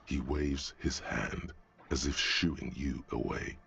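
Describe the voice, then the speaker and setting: A man giving gravelly scripted narration as a game's narrator voice. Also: extremely low pitch, slow pace, fairly bright tone, exaggerated voice. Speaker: game narrator voice.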